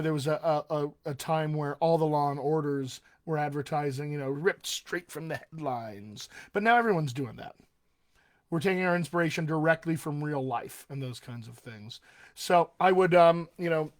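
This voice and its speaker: A man coaching actors on accents in a casual solo live stream, chatty with many fillers and restarts. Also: a little high. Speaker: dialect coach.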